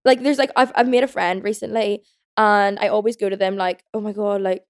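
A woman's voice: medium pitch, steady tone, a little fast, smooth. A woman in her twenties hosting a podcast, chatting casually in a rambling way, full of fillers and the odd swear word. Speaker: podcast host. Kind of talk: casual chat.

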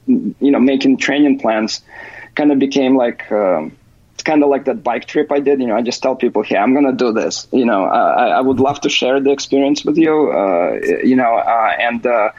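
A man talking as an interview guest, halting and full of restarts and "you know" fillers. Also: medium pitch, animated, a little mellow, no echo. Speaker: interview guest, software developer. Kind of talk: casual interview. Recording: dull, lo-fi recording.

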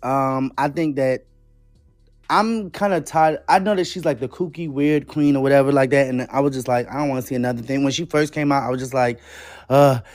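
A man's voice: fairly high pitch, dry recording. A man co-hosting a podcast, leading a segment in a playful, bawdy way. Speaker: podcast co-host. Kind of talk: casual reality-show recap chat.

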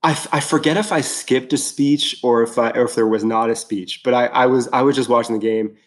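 Rambling, excitable man chatting casually. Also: mid-range voice, brisk. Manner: excited, rambling with many fillers and restarts. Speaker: podcast guest. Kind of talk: casual chat.

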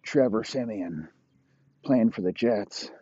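A man's voice: lowish voice, slow, mellow, slightly rough, no room sound. A man telling an improvised comic story in a rambling, profane way. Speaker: comedy storyteller. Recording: dull lo-fi recording.

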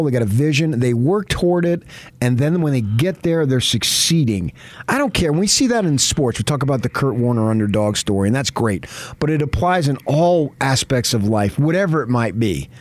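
A man's voice: medium pitch, no echo. A man hosting a morning sports radio show in a studio, talking with effusive, emphatic praise. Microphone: studio microphone.

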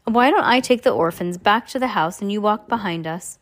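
A sly man posing as someone else, his words smooth and falsely polite, as a woman reads him aloud. An audiobook villain with a steady pitch who keeps his menace tucked under courtesy. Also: fairly quick, lightly acted. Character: scheming adult male villain in disguise, smooth and sly. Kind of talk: audiobook character reading.

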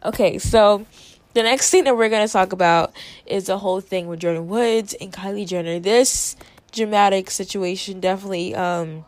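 A woman's voice: medium pitch, no room sound. Chatty woman with a dry close sound. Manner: chatty, animated, acts out quotes. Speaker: host. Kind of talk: casual commentary.

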